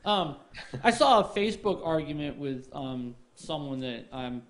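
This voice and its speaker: A man with a somewhat high voice talks on a casual podcast. He rambles and stops often, circling back with fillers as he works through a story. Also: animated, moderate pace, a bit bright. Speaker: podcast co-host.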